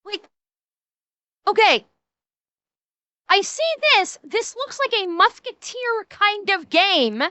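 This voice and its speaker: A young woman reacts on a live stream, ranting and cursing in exasperation. Her voice is high and bright and she talks at an unhurried pace. The sound is dry and close. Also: expressive, no room sound.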